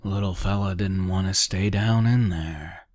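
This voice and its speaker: Man as smug dentist, offhand, deep voice, slow. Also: darkish tone, dry recording, studio quality.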